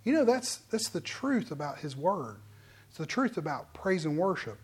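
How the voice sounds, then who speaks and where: Conversational preacher swinging loud to hushed. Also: medium pitch, sing-song, normal speed, slightly rough. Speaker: pastor. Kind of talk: sermon.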